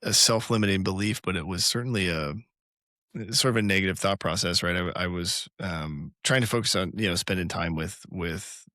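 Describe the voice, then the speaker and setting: A man's voice: sits low, moderate pace, sharp tone, no room sound, studio quality. A man co-hosting a podcast, sharing a personal example in a reflective, hesitant way with many fillers. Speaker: podcast co-host. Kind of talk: casual chat.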